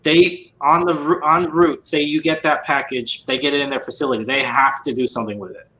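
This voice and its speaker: A man with a bright, forceful tone talks things over at a measured pace, often restarting his sentences. His voice rings in an echoey room. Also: a little high, fairly even intonation, slight background noise. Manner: measured, thoughtful, halting restarts. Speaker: podcast host. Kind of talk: casual chat.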